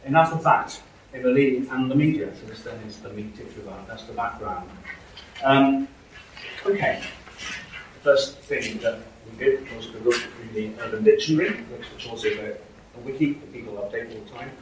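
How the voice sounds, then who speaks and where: A man with a mid-range voice lectures at normal speed, regularly pausing for "okay?" and "right?". It's a university lecture hall, picked up from a distance, echoey and faintly noisy.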